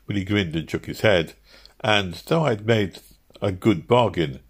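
Low voiced guy reading an old book aloud, steady and measured. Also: husky. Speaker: narrator. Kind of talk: audiobook reading.

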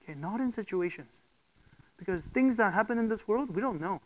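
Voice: mid-range voice, lively intonation, a little fast, rough recording. A preacher giving a sermon, speaking emphatically, posing rhetorical questions and often checking in with the listeners.

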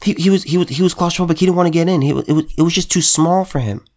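A man's voice: a little high, rapid-fire, a little mellow. Heated man with stumbling restarts. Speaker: political commentator. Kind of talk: emphatic monologue commentary.

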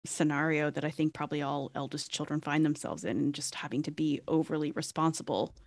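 A woman's voice: low-pitched, fairly quick, no echo. A woman in her thirties co-hosting a podcast, talking in a rambling casual way with lots of fillers. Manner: rambling, many fillers and restarts. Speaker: podcast co-host. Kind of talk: casual chat.

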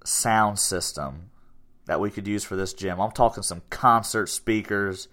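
A man's voice: on the low side, measured pace, fairly bright tone. A young man in his twenties, hosting a casual podcast chat about his gym, rambling and upbeat. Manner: rambling, upbeat, self-promoting. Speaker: podcast host and gym owner.

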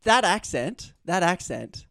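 An Australian man hosting a podcast interview, chatty and quick to laugh. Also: sits high, sing-song, gravelly, a bit bright, no echo, clean studio sound. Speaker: podcast host. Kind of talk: casual interview chat.

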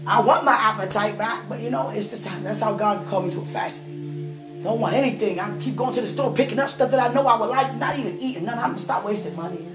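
A high-pitched woman shares a casual faith testimony, swinging between soft musing and loud, emphatic outbursts. Her voice rings in a roomy, echoing space, with music playing behind it. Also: quick pace.

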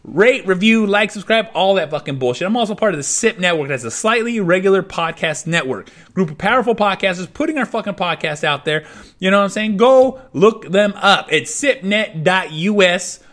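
A man's voice: high voice, animated, moderate pace, fairly bright tone. A man hosting his own podcast, delivering an angry, profanity-heavy rant in a fuming, repetitive way. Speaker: podcast host.

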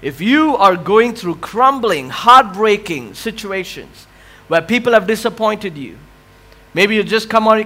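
A man preaching a sermon as a pastor, questioning the congregation and swinging between loud impassioned cries and hushed, quiet lines. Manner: swells loud and high on impassioned cries, drops to quiet near-whispers.

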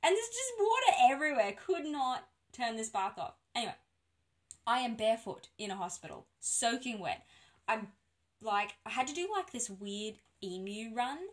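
A woman casually telling a birth story on a podcast, animated and laughing often. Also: a little high, moderate pace.

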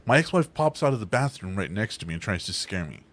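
A man with a lowish voice talks fast while hosting a casual podcast. He's an animated storyteller who swears often and acts out what people said in their voices.

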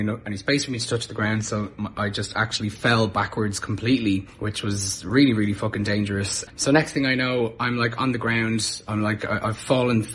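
A man's voice: lowish voice, fairly bright tone, a little hiss or hum. A man, a podcast guest telling a personal story in a candid, casual way, swearing freely and often restarting his sentences.

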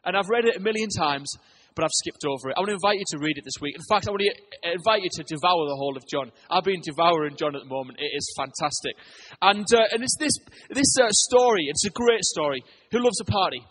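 A British man, preaching a lively sermon as a church pastor, telling stories and tripping over his words. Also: high-pitched, quick pace, a little hiss or hum. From England. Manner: energetic, storytelling, stumbles and repeats words.

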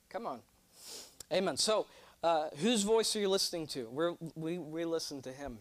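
A young man preaching a sermon, animated and joking, drawing responses from his congregation. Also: fairly high pitch, moderate pace. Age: 20s. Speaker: pastor.

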